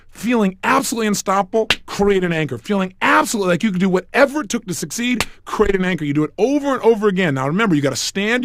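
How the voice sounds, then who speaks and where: A man's voice: sits high, background noise. A man speaking as a motivational speaker in a recorded self-help program, emphatic and repetitive, telling stories to make his points.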